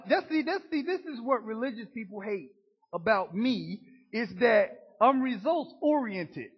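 A man preaching a sermon as pastor, folksy and emphatic, calling out to his congregation and building to loud bursts. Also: very high voice, sing-song, a little slow, husky, muffled recording.

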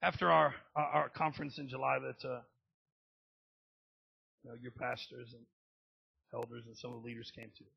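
A male pastor preaching a sermon, dropping to low murmurs and then rising to shouted outbursts. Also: flat delivery, moderate pace, gravelly, long pauses, slightly rough, muffled recording.

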